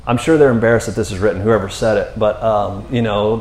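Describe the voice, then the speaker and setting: A male pastor delivers a sermon in a loose, conversational style, frequently dropping in "man" and "you know." His lowish, darkish voice moves briskly with few pauses, and the room is echoey.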